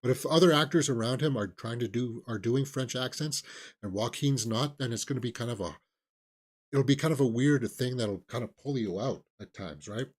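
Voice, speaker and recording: A man's voice: mid-range voice, normal speed, slightly rough. Rambling, opinionated male movie-news host. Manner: rambling, opinionated, with many fillers and restarts; sarcastic, mocking impressions of celebrities. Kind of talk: casual live-stream chat.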